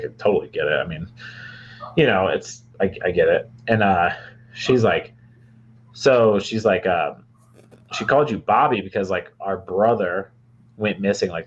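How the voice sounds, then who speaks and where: A young man from Michigan co-hosts a podcast, telling a long, rambling story in casual chat full of fillers and restarts. His voice sits low, with dull audio and slight background noise.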